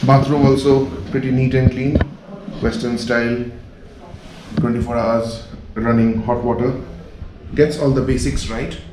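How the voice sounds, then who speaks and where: A man's voice: mid-range voice, level tone, unhurried. Chatty Indian man vlogging amid street noise. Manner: chatty, touring the room and pointing things out to viewers. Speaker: travel vlogger. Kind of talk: casual travel vlog chat. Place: hotel room and balcony over a busy street.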